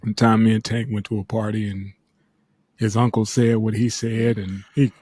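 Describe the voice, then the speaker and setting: Husky man telling stories casually. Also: lowish voice, normal speed, no room sound, studio quality. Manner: relaxed, rambling, with restarts. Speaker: podcast co-host. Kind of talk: casual storytelling.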